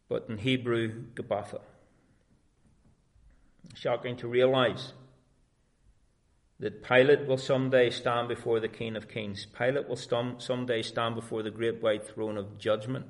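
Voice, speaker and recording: An earnest male preacher. He delivers a sermon at a middle pitch, stressing key phrases with emphasis.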